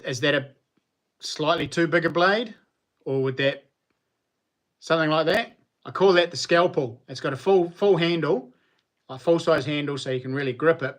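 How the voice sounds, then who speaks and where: A knife maker with a New Zealand accent chats casually on a livestream, answering viewers in a relaxed, colloquial way. His voice is on the high side.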